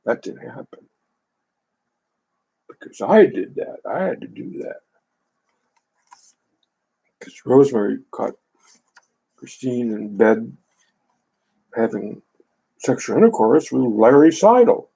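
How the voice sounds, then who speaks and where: Man, husky creaky voice, reads a book aloud, sarcastic indignant asides. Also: mid-range voice, lively intonation, slow, long pauses, mellow, rough recording. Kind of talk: reading a book aloud with commentary.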